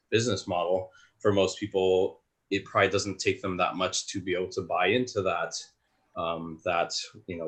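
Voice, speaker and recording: A young man who founded a supplement company, talking in a hesitant, halting way with many restarts in a casual roundtable chat. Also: low voice, fairly bright tone.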